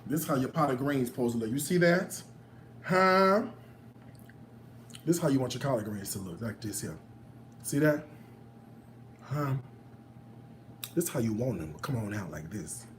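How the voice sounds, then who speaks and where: A man's voice: medium pitch, animated, measured pace, long pauses, far from the mic, slight background noise. Sassy man cooking, off-mic and roomy. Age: late 30s. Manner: sassy, playful, talks back to viewers. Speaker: home cook. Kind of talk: casual cooking demo. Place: home kitchen. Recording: roomy, off-mic kitchen sound.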